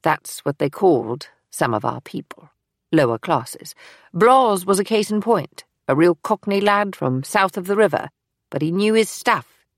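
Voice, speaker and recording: A brisk older spymaster with a dry, matter-of-fact edge and a lowish voice, as a woman reads her in an audiobook. The recording is close and dry. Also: no echo. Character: older woman, former wartime intelligence officer, brisk and wry. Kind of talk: audiobook character reading.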